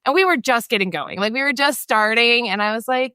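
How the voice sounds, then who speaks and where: A woman in her thirties telling stories as a photographer guest, chatty and animated, laughing often and acting out what people said. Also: a little high, a little fast, clear, resonant tone, no echo. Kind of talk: casual storytelling interview.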